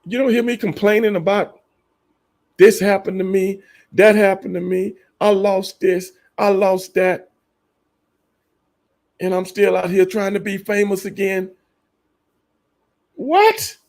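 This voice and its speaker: A man's voice: high-pitched, level tone, a little slow, vocal fry, pauses often, darkish tone. A man who used to wrestle, hosting a casual livestream, talking bluntly and profanely to his viewers and laughing often. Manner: talks to chat viewers by name. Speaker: livestream host and former wrestler.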